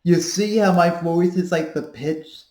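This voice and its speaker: A voice coach in her thirties gives a casual voice-training tutorial, rambling with fillers while she demonstrates sounds. Her lowish, mellow voice moves at a measured pace, recorded in an echoey room.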